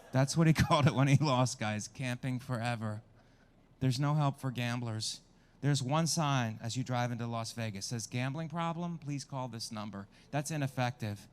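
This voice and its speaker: A man's voice: medium pitch, a little mellow, clear, resonant tone. A man performing a stand-up comedy set with crude, self-mocking crowd work, at a small outdoor show.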